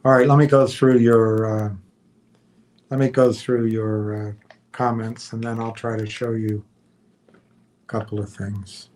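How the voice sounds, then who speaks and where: A man hosting a livestream in a casual chat, reading out viewer comments with many fillers and trailing pauses. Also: fairly low pitch, flat delivery, a little mellow. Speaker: livestream host.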